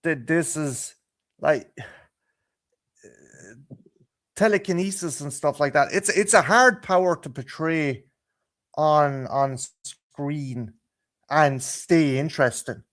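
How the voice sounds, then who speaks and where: A man with an Irish accent chatting casually as a guest on a live stream, stammering through restarts and breaking into loud, swearing rants. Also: fairly high pitch, slow, pauses often. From Ireland. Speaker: guest podcaster. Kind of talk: casual chat. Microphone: video call.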